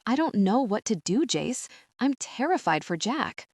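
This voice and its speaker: A woman voicing a frightened young homeless woman who pleads in a rushed, anxious way. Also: lowish voice, animated, darkish tone, dry recording, studio quality. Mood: desperate.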